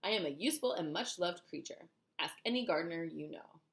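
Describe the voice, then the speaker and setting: A woman's voice: fairly low pitch, expressive, brisk, vocal fry. A woman voicing a prim, indignant male earthworm in a storybook reading.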